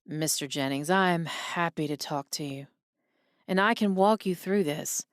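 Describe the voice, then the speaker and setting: Give me a woman doing a calm, patient pastor in a storybook. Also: deep voice, moderate pace, dry recording, clean studio sound, close to an everyday voice. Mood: gentle. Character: calm gentle male pastor.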